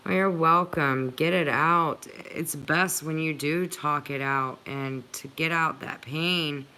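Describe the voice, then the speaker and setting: A woman's voice: deep voice, takes it slowly, bright, forceful tone. A woman hosting a livestream, chatting earnestly and emotionally with viewers, with many filler "likes". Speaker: channel host reading live chat.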